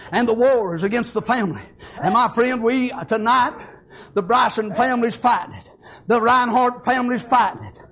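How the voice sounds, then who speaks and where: A man preaching a fiery, folksy sermon that builds to shouts. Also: high voice.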